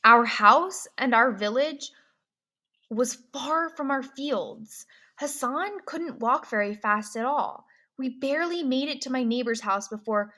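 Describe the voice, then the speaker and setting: Lady reading a story out loud, slow and clear, high bright voice. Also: animated. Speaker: reader. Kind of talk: reading a novel aloud with comprehension questions.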